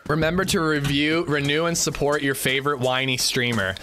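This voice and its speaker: A man chatting casually on his live game stream, thanking viewers and reading out their names in quick bursts. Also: a little high, steady tone, bright, forceful tone, a little hiss or hum.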